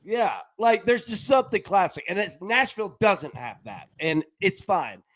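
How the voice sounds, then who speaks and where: A man's voice: sits high, moderate pace. A man hosting a live sports betting show, rambling and laughing in casual chat. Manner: rambling, animated, laughs often.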